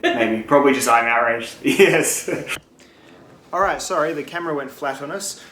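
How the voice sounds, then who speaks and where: Animated and a bit bright, the host's slightly high voice moves at normal speed. He's a young adult Australian man joking and cursing through a casual viewer Q&A, recorded in an echoey room where faint noise can be heard.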